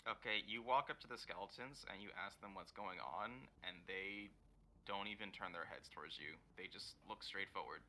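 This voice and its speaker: A man narrating as dungeon master in a tabletop game, pausing often with fillers. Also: sits low, sharp tone, a little hiss or hum. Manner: hesitant, many fillers while narrating.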